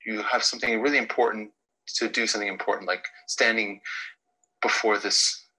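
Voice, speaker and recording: Man, bright husky voice, teacherly lecturer who demonstrates with his own pitch and pace. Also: fairly even intonation, fairly quick, rough recording. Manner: teacherly, swings pitch and pace to show points. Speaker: speaker giving a talk on the voice. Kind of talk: instructive lecture with vocal demonstrations.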